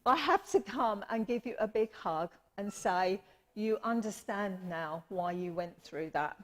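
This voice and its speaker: Speaking at a measured pace in a medium-pitched voice, a woman medium delivers readings during a church service. It's a live mediumship demonstration in which she's affectionate and talkative, often apologising and calling people "my lovely."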